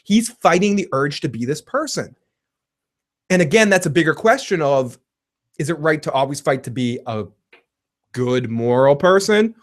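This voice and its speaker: An excitable man talks through a TV episode in a loose recap chat, swearing freely and breaking into laughter as he retells scenes. His voice sits a touch higher than most men's. He reads viewer comments aloud between his own takes. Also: normal speed, long pauses. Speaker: podcast host reviewing a TV episode.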